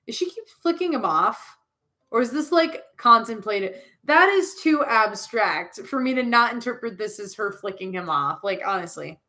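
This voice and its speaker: A young woman streaming a game, reacting with expressive, jokey commentary. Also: mid-range voice, normal speed. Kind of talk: let's-play commentary.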